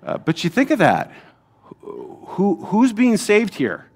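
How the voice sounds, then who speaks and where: A man's voice: high-pitched, huge pitch swings, slow, darkish tone. A middle-aged man, a pastor, teaching a Bible lesson to his congregation in a conversational way, with rhetorical questions and frequent "right?" asides.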